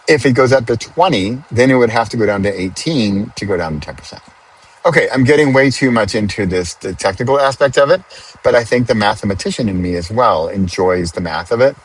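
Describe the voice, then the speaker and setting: A middle-aged man hosting his own podcast, chatting casually and explaining things step by step with little asides, recorded in a car on the highway. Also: breathy edge, poor audio. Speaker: podcast host. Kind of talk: casual solo monologue.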